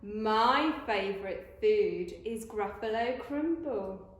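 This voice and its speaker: A woman's voice: mid-range voice, expressive, takes it slowly, very echoey. A woman voicing a small, clever, brave mouse in a storybook reading. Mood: boastful.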